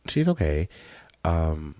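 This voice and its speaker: A man's voice: rumbling low, very animated, slow pace, mellow, no room sound. A man co-hosting a casual podcast, blunt, profane and opinionated as he chats. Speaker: podcast co-host. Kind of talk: casual chat.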